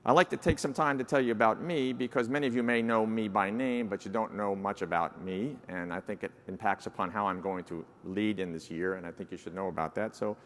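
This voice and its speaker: Older New York-accented man, lowish voice, folksy keynote with lots of uh, long hall reverb. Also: fairly quick, hardly any pauses, a bit bright. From New Jersey, United States. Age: 60s. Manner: folksy, self-deprecating, frequent uh fillers. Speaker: society president giving an address. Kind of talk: conference keynote speech. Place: large conference hall.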